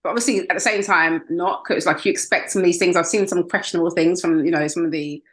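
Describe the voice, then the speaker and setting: Woman, young adult, British podcast host, lowish voice, relaxed chat. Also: quick pace. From United Kingdom. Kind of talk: casual interview chat.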